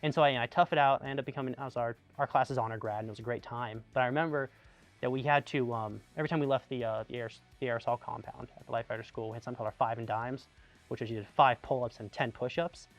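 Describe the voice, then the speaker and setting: A young army veteran from Tucson, Arizona, speaks in a mid-range voice and talks fast, with faint music in the background. He casually tells anecdotes in an animated, chatty way, full of "like" and restarts.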